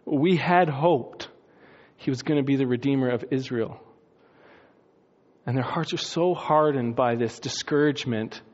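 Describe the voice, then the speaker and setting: A man preaching a lively sermon, swinging between loud excitement and hushed, quiet passages. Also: mid-range voice. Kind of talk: lively sermon with acted-out quotes. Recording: dull lo-fi sound.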